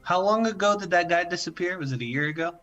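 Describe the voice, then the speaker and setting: A man's voice: high voice, fast talker, highs cut off, music in the background. A man playing in a tabletop game, talking in a blunt, offhand way. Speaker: player. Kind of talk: casual chat in a tabletop game.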